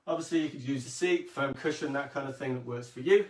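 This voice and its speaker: A man leads a calm, gentle yoga and breathing session, talking through each stretch and reading a story in between. He sits back from the camera mic, so his voice comes across distant in an echoey room. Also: medium pitch, fast talker. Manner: calm, gentle instructions with soft hums. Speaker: yoga teacher. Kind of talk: guided kids' yoga and storytelling.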